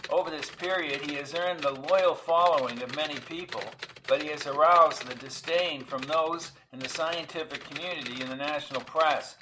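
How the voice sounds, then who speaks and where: Brief: male narrator, somewhat high voice, measured dramatic reading, faint hiss. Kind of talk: scripted story narration.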